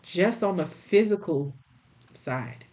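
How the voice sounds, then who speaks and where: Blunt low-voiced woman tarot reader. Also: animated, slow, darkish tone. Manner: blunt, scolding, folksy. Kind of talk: spiritual tarot reading.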